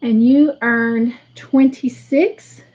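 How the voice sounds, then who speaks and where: A woman hosting a casual livestream, slowly tallying up points for viewers. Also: a little high, steady tone, muffled recording. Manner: slow, careful tallying of points. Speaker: livestream host.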